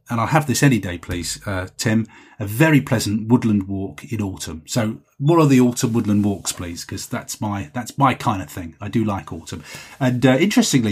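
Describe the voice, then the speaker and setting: A man's voice: lowish voice, breathy edge. A man hosting a solo podcast, chatting in a rambling, self-deprecating way as he reads out listener messages. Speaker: podcast host.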